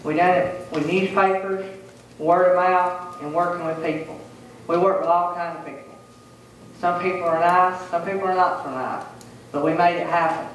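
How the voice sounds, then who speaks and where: A man's voice: high-pitched, fairly even intonation, normal speed, fairly bright tone, a little hiss or hum. A man, a mayoral candidate giving a determined, plain-spoken forum speech. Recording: echoey room, mic far off.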